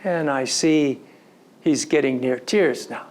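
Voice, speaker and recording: A man giving a storytelling lecture to an audience, recounting a personal story in an animated way and slipping into quoted dialogue. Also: mid-range voice, takes it slowly. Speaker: story coach.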